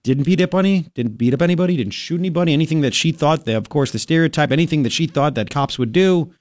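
A man hosting political commentary, sarcastic and mocking as he pauses and remarks on clips. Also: a little high, a little mellow, no room sound, clean studio sound. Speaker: host.

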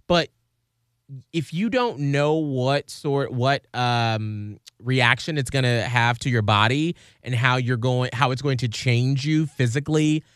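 A man's voice: mid-range voice, measured pace, a bit bright, smooth, dry recording, studio quality. Earnest man in casual chat. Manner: reflective, earnest, many "like" fillers.

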